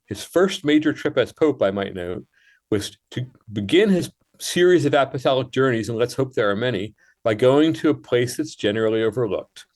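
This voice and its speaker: Thoughtful man explaining at length. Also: medium pitch. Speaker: guest writer. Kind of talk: radio interview.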